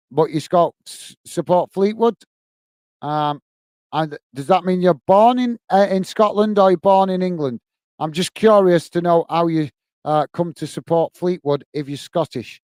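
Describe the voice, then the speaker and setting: A friendly man hosts a live football stream, calling the play and chatting with viewers between moves. His voice sits a touch high and sounds clean and smooth, recorded close on a dry mic with no room sound. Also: a little mellow, dry recording. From United Kingdom. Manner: chatty, reads out viewer comments and thanks them by name; many fillers and restarts, friendly banter. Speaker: host of a football watch-along stream. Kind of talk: live match commentary and chat with viewers.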